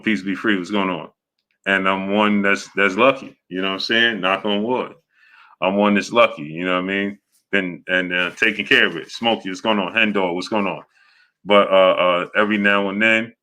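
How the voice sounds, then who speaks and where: Low, bright-voiced male streamer. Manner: halting, many fillers and restarts; greets viewers by name in a steady run-through. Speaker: host of a boxing live stream. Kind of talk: casual live-stream chat, greeting viewers by name.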